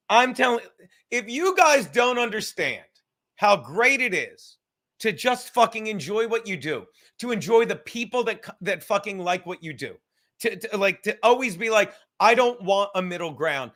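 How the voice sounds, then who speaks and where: A man hosting a livestream podcast, rambling loudly and swearing as he reads chat comments. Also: sits high, expressive, unhurried. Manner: loud, rambling, profane, reading chat comments aloud. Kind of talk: casual chat.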